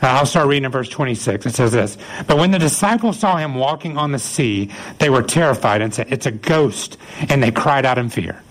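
Male pastor, sermon, animated storyteller, acts out voices, mid pitch. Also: brisk, rough recording.

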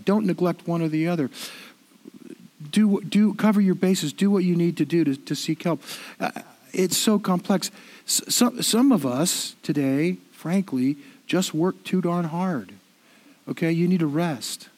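A middle-aged man preaching in a high voice. He keeps it conversational and self-deprecating, often doubling back on his words as he talks. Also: unhurried, darkish tone. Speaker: pastor. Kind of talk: sermon.

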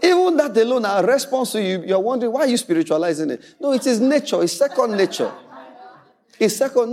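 Lively, high-voiced preacher man. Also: fast talker. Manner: animated storytelling preacher, acts out quoted voices, laughs often. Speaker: pastor. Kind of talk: sermon.

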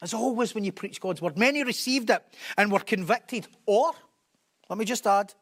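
A man's voice: high voice, moderate pace, a bit bright. A man preaching a sermon, emphatic and repeating key phrases for stress.

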